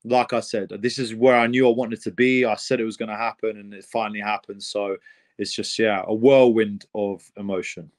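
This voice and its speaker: A young man, a professional fighter, answering interview questions in a rambling, excitable way with many fillers and restarts. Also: fairly low pitch, moderate pace.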